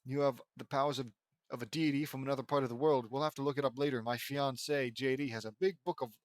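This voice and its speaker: A man's voice: medium pitch, fairly even intonation, fast talker, no room sound, clean studio sound, natural voice. A man reading the part of a winged super-powered hero who explains things in a plain, matter-of-fact way. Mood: explaining.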